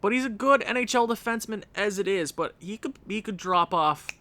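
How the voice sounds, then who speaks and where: A young man giving energetic, opinionated commentary on a hockey franchise mode, rambling and correcting himself as he goes. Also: high voice, fairly quick. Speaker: gaming YouTuber.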